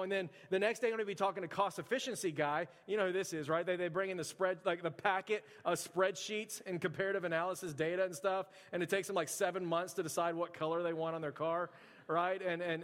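Man preaching in a reverberant hall. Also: high voice. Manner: conversational, animated storyteller acting out quotes. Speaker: pastor. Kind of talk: storytelling sermon.

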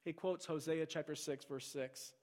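A pastor preaching a sermon, swinging from loud, urgent delivery to hushed near-whispers. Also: male voice, on the high side, fairly even intonation, normal speed. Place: church sanctuary. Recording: long hall reverb.

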